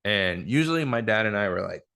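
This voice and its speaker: A man with a low, gravelly voice talks through a personal story on a podcast. He speaks casually and frankly, with plenty of filler words and swearing. He is recorded on one shared mic in a room with his guest. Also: expressive, a little fast, pushed and bright. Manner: frank, profane, filler-heavy retelling. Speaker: podcast host. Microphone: single shared microphone.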